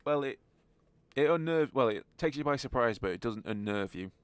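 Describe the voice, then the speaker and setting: A man running a tabletop game as game master, with relaxed fillers and chuckles. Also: mid-range voice, normal speed, clear, resonant tone, no room sound.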